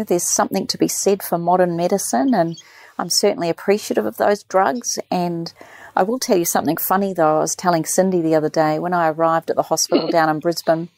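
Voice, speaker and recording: A woman telling a lively story in casual chat, acting out the people she quotes. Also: on the low side, gravelly, no room sound. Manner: animated storyteller, mimics nurses. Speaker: podcast guest.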